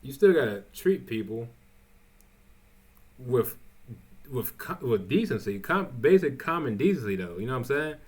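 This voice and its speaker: A man casually recapping episodes of a show, rambling and halting, with frequent restarts. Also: mid-range voice, big pitch swings, husky. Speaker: TV show reviewer.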